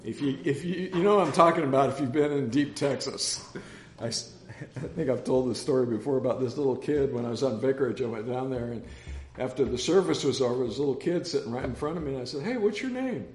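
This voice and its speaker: Casting note: man in mid pitch leading a relaxed Bible class, talks in loose, repeating stories, roomy echo around him. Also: fast talker. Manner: chatty, rambling, with anecdotes and restarts. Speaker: Bible study teacher. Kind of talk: casual Bible study teaching.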